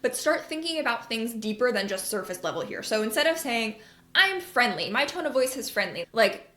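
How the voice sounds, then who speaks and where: Woman podcast host, kinda high voice, chatty and blunt, swears a bit, echoey room. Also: very animated, brisk, fairly bright tone. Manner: candid and chatty, swears casually, acts out quoted voices. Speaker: podcast host, marketing coach. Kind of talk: casual advice podcast monologue.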